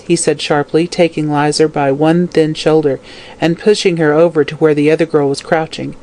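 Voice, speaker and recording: A narrator reading a classic crime novel aloud in a steady, scripted audiobook style. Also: medium pitch, moderate pace.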